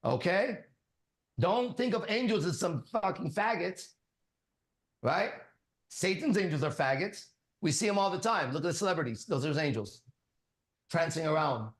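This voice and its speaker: A man's voice: high voice, animated, normal speed, long pauses. A man preaching as a spiritual teacher, emphatic and commanding, hammering on repeated phrases. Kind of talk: preaching to a listener. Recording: echoey room.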